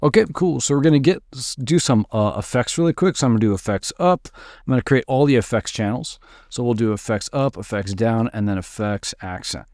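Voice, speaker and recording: A man teaching music production in a relaxed, upbeat way, walking through a dance track and sometimes mimicking its sounds with his voice. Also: medium pitch, brisk, no echo, studio quality. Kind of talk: screen-recorded music production tutorial. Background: dance track playing faintly.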